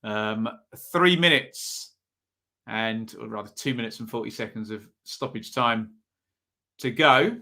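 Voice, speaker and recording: Here's an unhurried man with a lowish voice and a sharp tone, speaking in an East Anglian accent. He's hosting a live football watch-along, keeping up casual commentary on the game while answering people in the chat.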